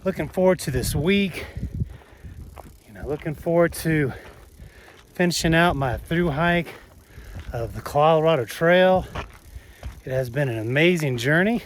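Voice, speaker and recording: Man, Southern accent, casual trail vlog, halting with fillers, breathy from climbing, outdoors, faint wind noise. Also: a little high. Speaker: hiker vlogger.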